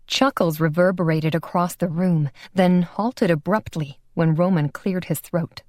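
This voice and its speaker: A woman narrating an audiobook in an even, unhurried storytelling manner. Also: on the low side, dry recording, studio quality. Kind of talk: scripted narration.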